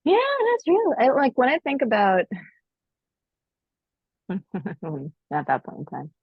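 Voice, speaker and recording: A woman co-hosting a podcast, telling stories in casual chat and acting out quotes in high voices. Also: slow pace, husky, no room sound, lo-fi sound. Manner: animated storyteller, acts out quotes in high voices. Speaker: podcast co-host.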